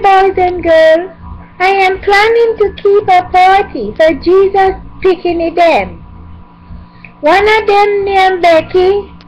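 A woman's voice: very high voice, a little hiss or hum, poor audio. A woman improvising silly songs and a kids'-show parody in a playful, sing-song way, switching between talking and singing, recorded on a webcam mic at home. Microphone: webcam microphone.

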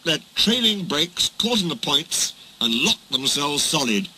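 A man narrating a children's storybook in a slow, expressive storytelling manner. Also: on the high side, very noisy.

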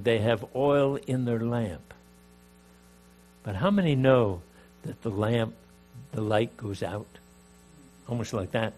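An older man from Canada teaching a sermon, emphatic, rising and dropping in volume, with asides and jokes to his audience. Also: mid-range voice. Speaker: preacher.

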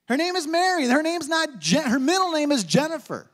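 An extremely high-pitched man in his thirties preaches a little fast, mixing jokes and stories into the lesson with animated energy. He is a pastor, recorded in a hall with long reverb.

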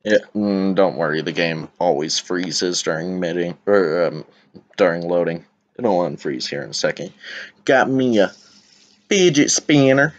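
Chatty low-voiced Southern young man. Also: normal speed, lo-fi sound. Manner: rambling, chatty, self-interrupting. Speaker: gameplay YouTuber. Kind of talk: casual let's-play commentary. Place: at home. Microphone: computer camera mic.

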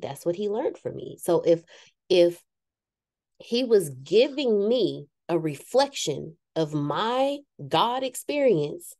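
A woman speaks to a gathered group in a candid, self-mocking motivational talk. Her voice is mellow and warm, with a close, dry sound. She sometimes slips into the voices of the people she quotes. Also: fairly low pitch, no echo. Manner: frank and self-deprecating, acts out quoted voices. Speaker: speaker addressing a live group.

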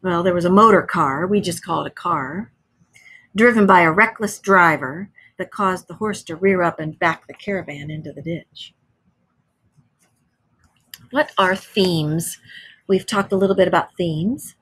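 Husky woman reading a story to a class. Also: on the low side, unhurried. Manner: expressive, explains to children. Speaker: teacher.

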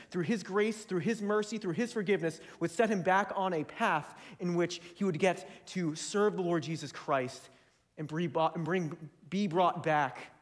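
Earnest young man preaching a sermon. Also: sits high. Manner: earnest, rising to fervent emphasis.

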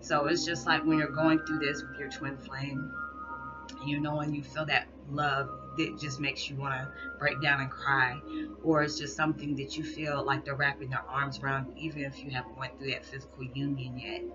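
A woman's voice: a bass voice, little pitch movement, moderate pace. Rambling woman over background music. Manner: rambling, soft-spoken, full of "you know". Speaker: spiritual vlogger. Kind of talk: casual heartfelt monologue. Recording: dull lo-fi recording with background music. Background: soft background music.

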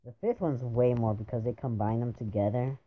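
A man's voice: medium pitch, brisk. A young man commenting on his own gameplay, frustrated and repeatedly exclaiming and groaning at his failures. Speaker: gamer. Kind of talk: gaming commentary. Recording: dull lo-fi home mic with faint hiss.

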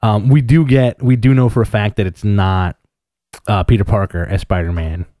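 A man with a lowish voice co-hosts a casual comics podcast, drifting through long stories full of "like" and "you know." He is from New York and sounds close to the mic in a dry room. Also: fairly even intonation, moderate pace, mellow, dry recording. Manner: rambling, filler-heavy storytelling. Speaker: podcast co-host. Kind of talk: casual chat.

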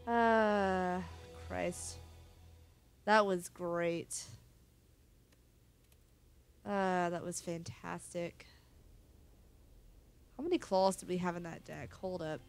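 Unhurried woman narrating her gameplay. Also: on the low side, creaky, faint music behind. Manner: counting aloud, swears, bursts of excitement. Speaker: gaming channel host. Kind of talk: casual let's-play commentary.

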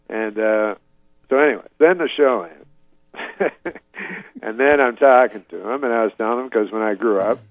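A man's voice: fairly low pitch, no room sound. A man telling a rambling, laid-back story as a comedian guest in a phone interview. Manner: rambling, laid-back, full of "you know" fillers. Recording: dull dry phone line.

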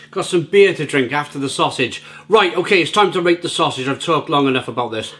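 A man's voice: fairly high pitch, brisk, a bit bright. A man hosting a casual food review vlog at home, talking in a chatty, rambling way and often repeating his words. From Britain. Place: at home, near the grill.

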